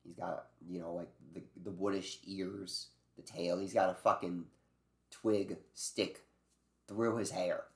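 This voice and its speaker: Deep-voiced man rambling casually in an echoey room. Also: level tone, slow pace. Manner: loose and profane, with many fillers and restarts. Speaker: video creator ranking game creatures.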